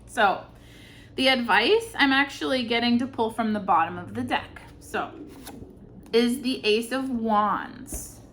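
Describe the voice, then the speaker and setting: A woman's voice: a little high, slow, a bit bright, slight background noise. A woman giving an intuitive tarot reading, earnest and searching for words with many fillers. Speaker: tarot reader.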